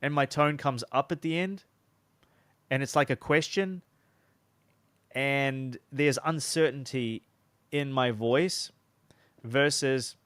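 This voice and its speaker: A man's voice: mid-range voice, takes it slowly, pauses often, fairly bright tone, smooth, dry recording. A young man teaching sales in a loose, chatty way, often restarting his sentences. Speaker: sales coach. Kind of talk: casual teaching talk.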